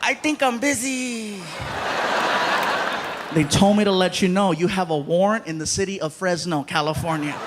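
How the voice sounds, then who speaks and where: A man doing a stand-up comedy routine, telling stories in an animated way and acting out other people's voices. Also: sits high, a little fast, few pauses. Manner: animated storytelling, acts out voices. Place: comedy stage before a live audience. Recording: live stage audio with audience noise.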